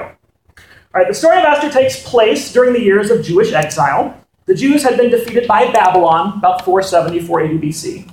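A man's voice: high voice, roomy sound, poor audio. A man in his thirties preaching a sermon to his congregation, playful and full of joking asides. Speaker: pastor. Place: church hall.

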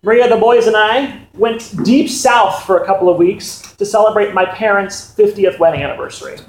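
A man's voice: high voice, moderate pace, echoey room, low-quality recording. A man in his thirties preaching a sermon to his congregation, playful and full of joking asides. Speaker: pastor. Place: church hall.

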